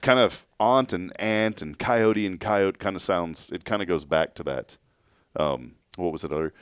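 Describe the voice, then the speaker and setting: A man's voice: deep voice, normal speed, clean tone, no room sound. A man hosting a casual studio talk show, joking and laughing. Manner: jokey, laughing, plays with words. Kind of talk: casual chat. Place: studio with audience.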